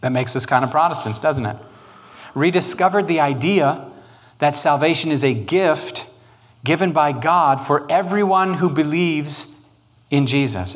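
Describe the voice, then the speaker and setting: A man teaching church history in a casual, jokey way with animated asides. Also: medium pitch.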